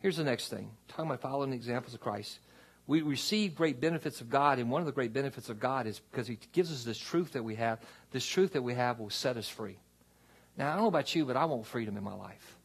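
Man, pastor, sermon, gravelly husky voice, animated pitch, church sanctuary, asks congregation for amens. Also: quick pace. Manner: conversational preaching with call-and-response asides.

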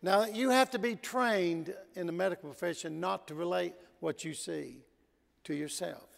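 A man preaching a sermon in a church, telling stories and swinging between loud emphasis and quiet asides. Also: high-pitched, moderate pace, vocal fry. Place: church sanctuary. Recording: long church hall reverb.

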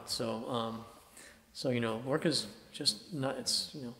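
A middle-aged man from Boston recalls his past in a relaxed, storytelling way, full of "you know" and acted-out inner thoughts. His mid-pitched voice rings through a large, roomy space with a long reverb tail. Faint ambient noise sits under it. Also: moderate pace. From Boston, Massachusetts, USA. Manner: animated anecdotes with acted-out inner thoughts, many fillers. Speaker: artist being interviewed. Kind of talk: casual storytelling interview.

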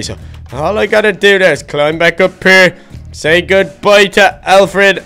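A man with an Irish accent voicing an excitable, silly young male duck hero in a Minecraft adventure, exclaiming and talking to himself. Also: fairly high pitch, smooth. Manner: jumpy, exclamatory, talks to himself. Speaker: video creator. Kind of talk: Minecraft adventure role-play.

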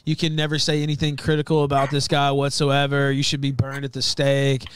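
A man talking as a guest on a stream, aggrieved and profane, with halting restarts. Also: mid-range voice, monotone, smooth. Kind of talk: casual stream talk.

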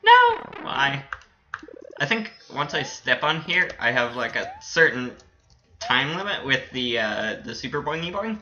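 A man chats his way through a video game in a bright, bouncy voice that swings all over in pitch. He rambles with fillers and trailing sentences, breaking into giggles and squeals of excitement. The sound is slightly dull and lo-fi, like a cheap home microphone. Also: normal speed. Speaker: gaming channel host. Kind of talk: casual gameplay commentary.

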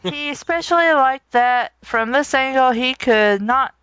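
Slow, flat-reading woman with giggles. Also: high voice, clean tone, dry recording, dull audio. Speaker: host reading fan fiction aloud. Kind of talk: comedic dramatic reading with commentary.

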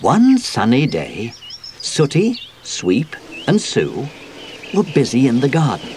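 A man reading a children's picture book aloud, unhurried and very expressive. His pitch swings widely from line to line, with faint outdoor and birdsong ambience behind him. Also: slight background noise. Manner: slow, expressive read-aloud. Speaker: audiobook narrator.

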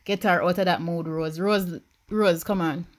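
A woman's voice: lowish voice, moderate pace. Jamaican woman narrating her game. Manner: animated, swings from anxious murmurs to shrieks. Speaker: gaming YouTuber. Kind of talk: game commentary.

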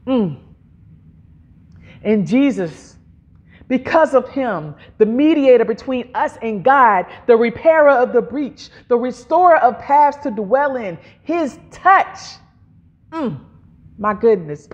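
A woman's voice: on the high side, expressive, muffled recording. A woman preacher delivering an emphatic sermon, drawing out her phrases, gasping for effect and calling on the congregation to repeat after her. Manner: emphatic, drawn-out phrasing with audible gasps.

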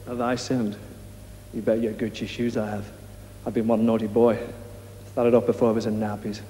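A man's voice: lowish voice, level tone, moderate pace, mellow, roomy sound, long reverb tail, a little hiss or hum, lightly acted. An actor playing a male sinner confessing in a manic, comic babble in a sketch comedy.

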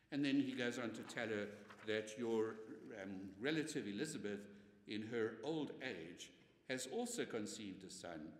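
A man, a priest, giving a conversational Bible lecture and often tagging his points with "eh?". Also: medium pitch. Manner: animated, conversational, tag questions with "eh". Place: church or parish hall. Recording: echoey hall from far off.

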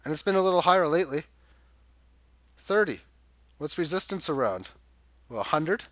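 A man's voice: a little high, sing-song, moderate pace, fairly bright tone, no room sound. Rambling man talking charts. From Canada. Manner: rambling, thinks aloud with fillers and restarts. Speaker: crypto chart analyst. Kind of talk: casual chart walkthrough commentary.

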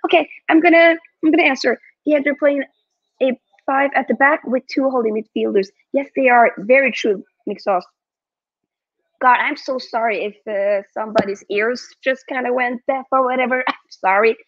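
Excitable young woman streaming a match. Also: sits high, moderate pace, no echo. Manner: excitable, reads out viewer chat. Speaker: football watchalong streamer. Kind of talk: live match watchalong chat. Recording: dull lo-fi dry mic.

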